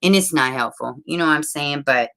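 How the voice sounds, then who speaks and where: A woman hosting a casual livestream, chatty and excitable, reading chat and laughing often. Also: sits low, brisk, creaky.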